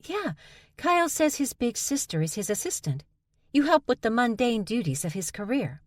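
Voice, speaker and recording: A woman reads as a blunt young shifter woman from an audiobook, pitched higher than the narration. She speaks flatly and matter-of-factly, oblivious to everyone else's anger. The recording is close and dry. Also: normal speed, no room sound.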